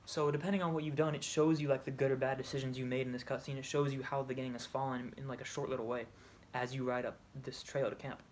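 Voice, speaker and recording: A man's voice: mid-range voice, flat delivery, quick pace, slight background noise. A man casually retelling a video game story, rambling, restarting and correcting himself as he goes. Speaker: video creator.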